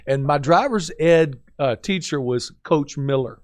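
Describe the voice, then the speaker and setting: A middle-aged man with a fairly high voice, recorded close and dry with almost no room sound. He tells a story in an animated way and acts out the voices of the people in it. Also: a little slow, no echo. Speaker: co-host. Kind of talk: conversational storytelling.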